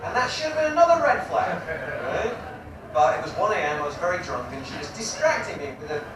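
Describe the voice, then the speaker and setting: A man with a high, very animated voice talks fairly quickly as he performs stand-up comedy for a live crowd, chatty and crude while teasing the audience. The mic is distant in an echoey live room, with audience noise audible.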